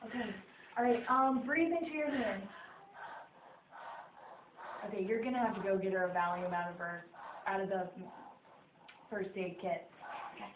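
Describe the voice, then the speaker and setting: A woman's voice: medium pitch, moderate pace, long pauses, close to an everyday voice. A young woman playing a dental student who handles a medical emergency in an amateur skit, urgent and soothing. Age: young adult. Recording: distant, tinny, echoey and noisy.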